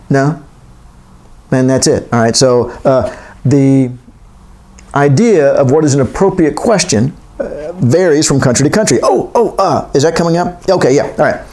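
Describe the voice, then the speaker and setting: Guy teaching a class, kinda high voice, keeps going off on jokey tangents. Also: a little mellow. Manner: digressive, joking asides, reads from a text. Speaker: lecturer. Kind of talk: classroom lecture.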